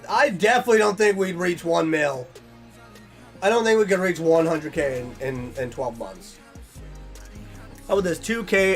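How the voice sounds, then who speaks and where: A young man with a slightly high voice talks earnestly to his viewers, restarting sentences and getting emotional. Casual livestream chat, with faint music playing underneath. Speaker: streamer.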